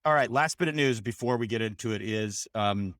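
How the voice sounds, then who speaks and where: A man's voice: lowish voice, brisk, fairly bright tone, no room sound, studio quality. A man co-hosting a podcast in a loose, joking way, swearing freely and trailing off with fillers. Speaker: podcast co-host. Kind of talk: casual chat.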